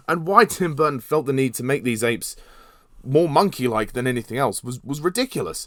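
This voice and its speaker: A man's voice: medium pitch, moderate pace, dry recording. A young man hosts a podcast and rants through a film review, exasperated and sweary. His voice sits in a middling register, and the recording is dry and close with no room sound. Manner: exasperated, sweary, animated rant with bursts of laughter.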